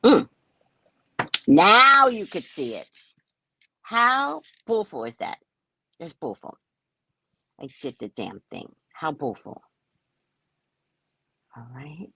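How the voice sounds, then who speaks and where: A woman hosting a casual live stream, chatting with viewers by name in a lively, talkative way. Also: on the low side, slow, pauses often, slightly rough, dry recording. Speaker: psychic live-stream host.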